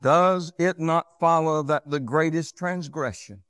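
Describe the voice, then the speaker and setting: A man preaching a sermon, rising to loud, high passages and sinking to low, quiet ones. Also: unhurried, no echo, studio quality.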